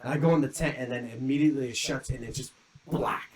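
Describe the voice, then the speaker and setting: On poor audio, a young man with a medium-pitched voice speaks quickly as a podcast co-host. His long, casual story wanders, stuffed with "like" and animated acted-out quotes.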